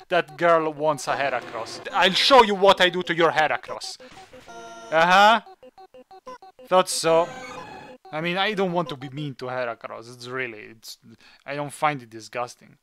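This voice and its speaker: Bright, animated non-native gaming man. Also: fairly high pitch. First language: not English. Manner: chatty, jokey, thinks aloud. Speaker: gaming channel host. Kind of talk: let's play commentary.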